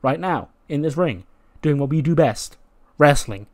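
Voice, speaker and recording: A man's voice: a little high, animated, a little slow, a little mellow. A man doing a cocky, teasing male wrestler. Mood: taunting.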